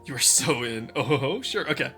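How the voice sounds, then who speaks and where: Soft music plays behind a young man whose mid-range voice moves a little fast. He's animated and laughs a lot as he addresses his stream's chat in a casual live session.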